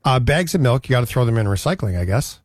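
A man's voice: mid-range voice, animated, fast talker, dry recording. A man from Canada hosting a radio show, chatting in a rambling, conversational way. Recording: dry studio sound.

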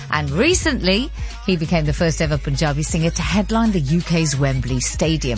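A woman with a low voice hosts a radio arts programme. She presents in a brisk, lightly wry way. Faint music sits under her in the studio. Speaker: radio arts show host. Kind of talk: broadcast radio presenting and chat.

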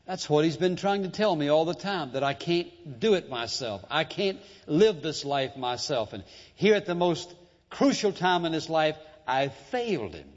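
A man delivering a church sermon in a dramatic, emphatic style, dropping to hushed tones and then rising on key words. His voice rings out with a long hall reverb. The recording itself sounds dull and muffled. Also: on the high side, lively intonation, normal speed. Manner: emphatic, dramatic preaching with sudden shifts in loudness and pace. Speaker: preacher.

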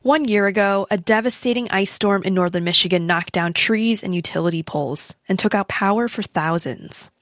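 A woman reporting a public radio news story in a measured, clear voice. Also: medium pitch, no room sound, clean studio sound.

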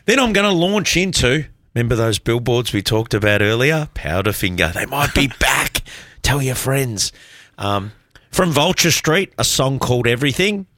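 Australian man, community radio host, chatty and rambling, bright forceful tone, dry studio sound. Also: mid-range voice, lively intonation, moderate pace, dry recording. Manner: rambling, self-deprecating, chatty. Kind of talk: casual radio chat.

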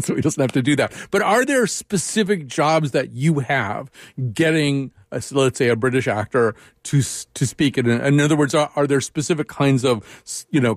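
A man interviewing a guest, thinking aloud with many halting restarts. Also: mid-range voice, no room sound, studio quality. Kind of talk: radio interview conversation.

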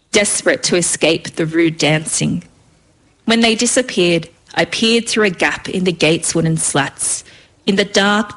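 Give me a woman reading her own story with vivid rhythm, slightly low. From Australia.

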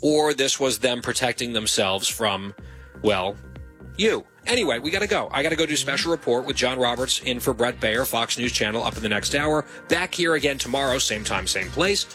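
A man's voice: mid-range voice, animated, moderate pace, pushed and bright, soft background music. A man hosting a radio talk show, teasing his guest with dry banter. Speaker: radio host. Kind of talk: casual radio chat.

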